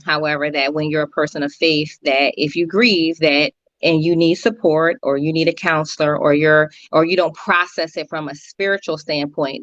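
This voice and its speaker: A woman's voice: low voice, dry recording. Earnest woman counselor, dull dry audio. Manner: earnest, animated storytelling with repetitions. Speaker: guest counselor. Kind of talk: conversational interview talk.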